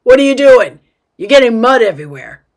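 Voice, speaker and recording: A woman putting on a loud, flustered dad. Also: medium pitch, sing-song, measured pace. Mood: alarmed. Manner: loud, warning. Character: flustered, stern suburban dad.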